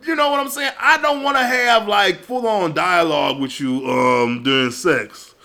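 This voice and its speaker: A man telling stories in a casual comedic monologue, animated and profane, often breaking into laughs. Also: high voice, moderate pace, creaky. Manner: animated, profane, loud storytelling with frequent laughs.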